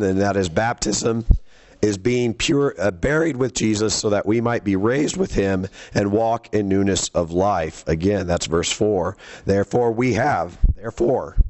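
A man with a fairly low voice leads a Bible lesson from the pulpit. He talks to the congregation conversationally and keeps putting questions to them as he works through each passage. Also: darkish tone. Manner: conversational, quizzes the listeners. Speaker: preacher. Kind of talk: sermon teaching from scripture.

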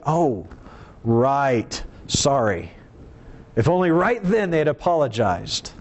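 A man preaches with earnest emphasis, his voice climbing and dropping to drive each point home. His pitch sits in an ordinary middle register. A faint background noise lingers under the sermon. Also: darkish tone, dull audio.

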